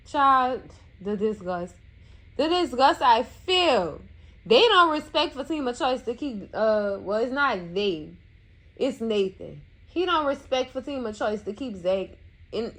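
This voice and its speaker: A woman giving casual TV recap commentary in a sassy, animated way, scolding the characters and calling her viewers cousins. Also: a little high. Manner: colloquial, addresses viewers as cousins.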